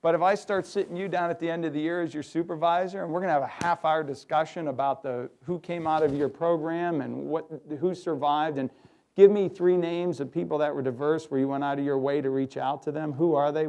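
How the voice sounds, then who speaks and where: A middle-aged man giving a lively workshop talk to an audience, acting out quoted voices. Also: a little high. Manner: animated, acts out quoted voices. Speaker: workshop speaker. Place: hotel conference room.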